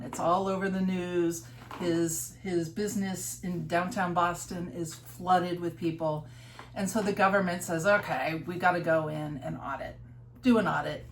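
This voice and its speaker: A woman's voice: lowish voice, slight background noise, poor audio. A woman co-hosting a casual podcast, telling a history story and quizzing her co-host along the way. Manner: lively storyteller, poses questions to her co-host.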